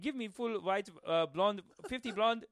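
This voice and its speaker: A man's voice: high-pitched, normal speed, no echo, studio quality, pitched above the performer's own voice, natural voice. A man voicing a rich, pushy oil tycoon with a put-on Arabic accent and broken English. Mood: demanding. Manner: broken English, repeats "God is great".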